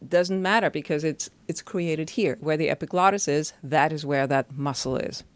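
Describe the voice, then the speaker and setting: A woman voice teacher with a low voice, speaking at normal speed on a dry recording, explains singing technique step by step in a chatty manner, often checking in with the listener.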